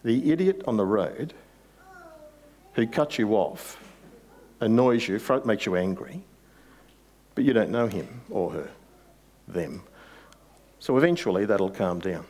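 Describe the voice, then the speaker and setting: Aussie pastor guy preaching, lowish voice, chatty, asks the crowd questions. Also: sing-song, measured pace, long pauses, a little mellow. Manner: conversational, rhetorical questions, builds emphasis. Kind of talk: sermon.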